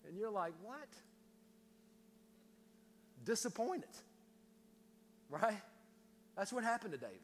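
Preacher man, pretty high voice, folksy jokey sermon, lots of long church echo. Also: very animated, normal speed, pauses often. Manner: folksy, joking storytelling with repeated words. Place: church sanctuary. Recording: long reverb of a church hall.

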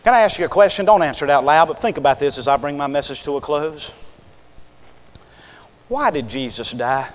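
A man preaching a revival sermon, swinging from loud, impassioned scripture reading to hushed, intimate appeals. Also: on the high side, expressive, a little fast, long pauses, long reverb tail. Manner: reads scripture in King James wording with fervor.

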